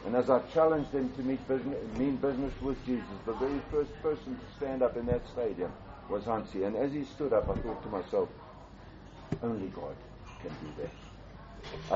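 Older man telling a testimony. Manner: earnest, repeats and restarts phrases, rises in pitch for emphasis. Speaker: pastor telling a personal story. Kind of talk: storytelling testimony. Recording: dull, slightly muffled with faint background hiss.

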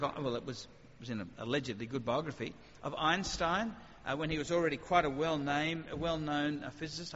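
A man with a fairly high voice preaches in a chatty, lively way and keeps asking rhetorical questions. His words ring out with a long hall reverb, and the sound is a little dull and muffled. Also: a little hiss or hum. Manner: conversational, animated, rhetorical questions. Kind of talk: sermon.

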